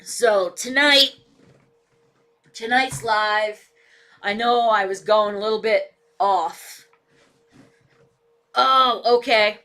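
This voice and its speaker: Her medium-pitched voice is pushed and bright, with drawn-out words and frequent pauses. She's a political live-stream vlogger chatting casually from a cluttered home room through a desk mic and camera, blunt and swearing heavily. Her dog barks and moves nearby, and she talks back to it.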